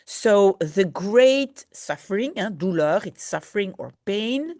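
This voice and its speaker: A woman's voice: medium pitch, animated, takes it slowly, mellow, no room sound, studio quality. A woman teaching a book-club lesson, reading a novel and translating it phrase by phrase, explaining words and correcting herself.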